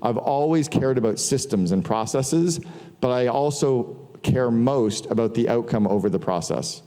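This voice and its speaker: A man's voice: mid-range voice, expressive, moderate pace, dark tone. A middle-aged man giving a casual, profane business talk to an audience, telling stories with quoted dialogue. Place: large hall before an audience. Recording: long hall reverb.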